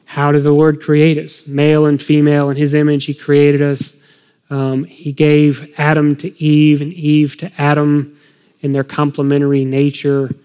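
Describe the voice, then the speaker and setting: Man, middle-aged, earnest, emotional, faith-based parenting talk, fairly high pitch. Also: completely flat delivery, a little slow, warm tone, clear, resonant tone, long reverb tail. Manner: earnest, emotional, acts out parent-child dialogue. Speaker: guest speaker on parenting.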